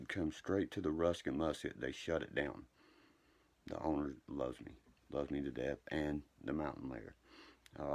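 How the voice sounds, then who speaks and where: A man's voice: rumbling low, creaky, a little mellow. A man telling rambling, profane stories during a late-night livestream.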